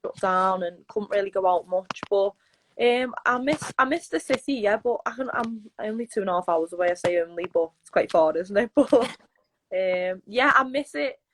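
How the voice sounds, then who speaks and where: A woman's voice: mid-range voice, normal speed, a little hiss or hum, rough recording. A young woman from Liverpool, chatting casually as a guest and laughing often. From Liverpool, England. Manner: laid-back, laughs often, many fillers. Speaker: guest footballer. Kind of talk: casual chat.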